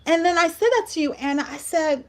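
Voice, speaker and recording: A woman's voice: very high voice, a little fast. A woman hosting a heartfelt talk show conversation, speaking earnestly and emphatically and often repeating words. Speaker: host.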